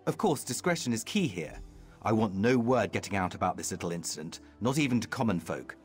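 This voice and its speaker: An actor playing a vain, haughty high elf nobleman in a video game, speaking in a prim, disdainful manner. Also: animated, fairly quick, faint music behind, close to an everyday voice. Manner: pompous, aloof and disdainful. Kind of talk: game voice acting.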